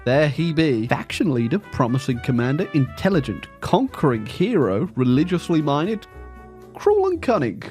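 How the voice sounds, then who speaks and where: A man's voice: sing-song, normal speed, a little mellow. A man giving sarcastic, joking commentary on his strategy game as a regular channel host. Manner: wry, sarcastic jokes with sudden high pitched jumps. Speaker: gaming commentator. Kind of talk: comedic gameplay commentary. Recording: game music faintly behind.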